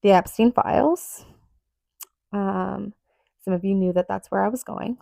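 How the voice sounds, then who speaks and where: A woman's voice: mid-range voice, a little slow, creaky, mellow, no room sound. A woman hosting her own podcast, talking earnestly and emphatically in a rambling solo monologue with lots of fillers. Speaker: podcast host.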